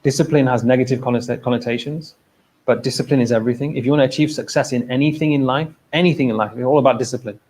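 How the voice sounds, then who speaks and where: A man's voice: mid-range voice, racing, darkish tone, poor audio. A man giving an informal religious talk at a mosque. He speaks conversationally, repeats phrases and keeps checking in with his listeners.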